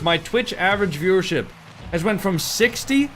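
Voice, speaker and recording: A man's voice: high-pitched, animated, moderate pace, a bit bright, a little hiss or hum. A tired young man streaming and commentating a match casually, calling plays loosely and swearing as he chats with viewers. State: tired, yawning.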